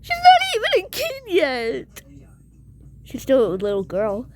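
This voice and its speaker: A high-pitched female voice that jumps all over the scale as she acts out a home-made pretend-play scene. She talks in a giggly, melodramatic way and plays up the panic. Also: huge pitch swings, measured pace.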